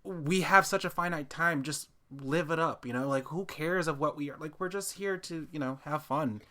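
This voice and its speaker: Laid-back podcast co-host, bright tense voice, slangy. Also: mid-range voice, moderate pace. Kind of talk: casual chat.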